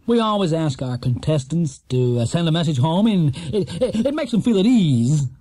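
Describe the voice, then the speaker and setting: A man's voice: on the high side, sing-song, moderate pace, warm tone, slightly rough, no room sound, clean studio sound. A man voicing a nervous, stammering male game show host who jokes clumsily. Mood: flustered. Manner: stammering with many "uh"s.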